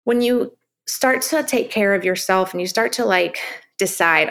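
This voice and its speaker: A middle-aged woman talks openly as a podcast guest, her voice bright with a gravelly edge of fry. She speaks with emphasis and laughs easily between points. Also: medium pitch, a little slow. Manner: open, emphatic, laughs often. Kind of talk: candid podcast conversation.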